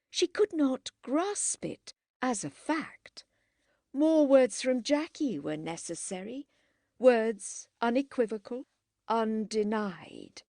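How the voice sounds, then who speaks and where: A woman reads a classic novel aloud at a slow, measured pace. Her voice ranges widely in pitch and has a gravelly edge, recorded dry and close. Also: darkish tone, no room sound. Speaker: audiobook narrator. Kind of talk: scripted narration.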